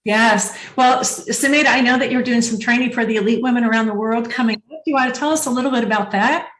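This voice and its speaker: A woman's voice: a little high, quick pace, a bit bright. Encouraging woman host in an echoey room. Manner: encouraging, summarizing interviewer. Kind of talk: interview.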